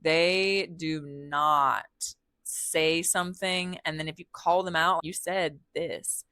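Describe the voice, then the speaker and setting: A woman's voice: low voice, fairly even intonation, takes it slowly, bright, forceful tone, smooth, dry recording. A young woman hosting a podcast, retelling a myth in a casual, slangy, irreverent way and swearing freely as she acts out the characters' lines. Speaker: podcast host. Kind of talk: casual storytelling of myths.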